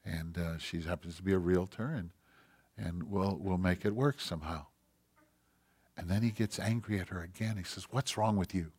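A man's voice: low-pitched, steady tone, moderate pace, husky. Passionate male pastor preaching. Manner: passionate, swinging between loud emphasis and quiet intensity. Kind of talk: sermon.

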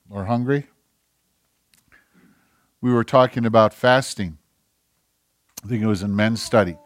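A male pastor delivers a sermon in a voice of ordinary pitch. He drops into quiet, conversational asides and then builds to emphatic, insistent preaching. The recording is dry and close, with little room sound. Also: dry recording.

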